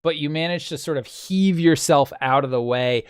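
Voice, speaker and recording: A man's voice: on the high side, normal speed, clean tone, no echo, clean studio sound. A man running a tabletop game as game master, describing scenes vividly and making sound effects with his mouth.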